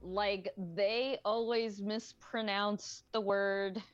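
A woman's voice: mid-range voice, little pitch movement, drawn-out words, clear, resonant tone, no echo, faint music behind. Woman cohost rambling n giggling, swears a lot, dry dull mic sound. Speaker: podcast co-host. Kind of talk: casual chat.

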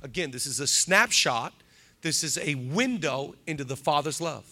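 A high, bright male pastor preaching a live sermon with comic asides and quick acted voices for his characters. His tone has a gravelly edge, and he swings from soft storytelling to loud, shouted declarations. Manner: animated, joking, acts out quoted characters, builds to shouted climaxes. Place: church hall, live congregation.

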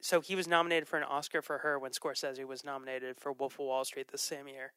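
Bright, crisp-voiced podcast host. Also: mid-range voice, flat delivery, fairly quick, dry recording. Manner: chatty, laughs often, trails off with ums. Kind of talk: casual movie chat.

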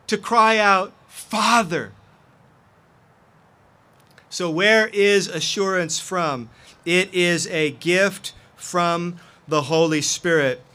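High-voiced guy preaching slow, earnest sermon. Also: pushed and bright, clear, resonant tone. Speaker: pastor.

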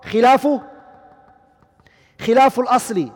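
High-voiced man teaching in a hall. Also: normal speed, pauses often, darkish tone. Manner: asks the class questions, repeats and translates Arabic terms. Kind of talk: classroom lecture. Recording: long hall reverb.

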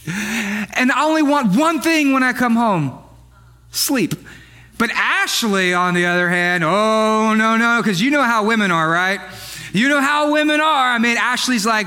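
A young man preaching a comedic sermon to a live church congregation, animated and joking, with playful asides to the crowd. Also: extremely high pitch, unhurried. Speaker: pastor. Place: church sanctuary with live audience.

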